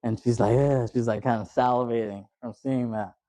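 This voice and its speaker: A man on a movie podcast, chatting casually and laughing as he retells scenes, putting on the characters' lines. His voice is mellow and dark, recorded dry and close with no room sound. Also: medium pitch, little pitch movement, a little fast, dry recording. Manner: loose retelling, acts out quotes, laughs often. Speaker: podcast host.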